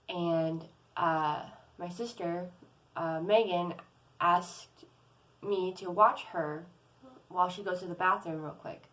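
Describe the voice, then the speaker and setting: A woman's voice: on the low side, rough recording. A young adult woman vlogging, telling a personal story in a casual, rambling way, with many fillers and restarts. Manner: rambling, lots of "like" and "um", restarts often.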